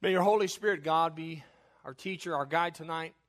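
A male pastor giving a sermon in church, reading scripture slowly and emphatically, then praying in a hushed voice. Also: fairly high pitch.

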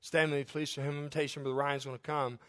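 A pastor with a male voice on the high side speaks quickly in a level tone, preaching fervently. His delivery swings from soft asides to loud, climbing declarations, punctuated now and then by a chuckle.

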